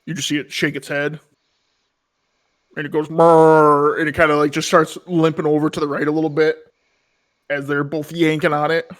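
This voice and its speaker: A man narrating a tabletop game as its game master, in a relaxed, playful way. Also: a little high, fairly quick, pauses often.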